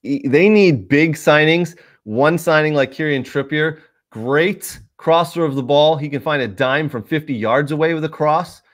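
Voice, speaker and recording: A man's voice: fairly high pitch, normal speed. A man hosting a live soccer show, talking casually to viewers with lots of fillers and asides. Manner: chatty, addresses viewers directly, many fillers. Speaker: sports show host.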